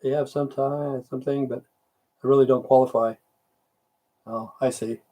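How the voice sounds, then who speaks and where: A man's voice: mid-range voice, fairly even intonation, moderate pace, mellow. Man rambling and cursing on a livestream. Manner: rambling, profane, grumbling about government. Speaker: livestream host; military veteran. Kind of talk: casual livestream chat answering viewer comments.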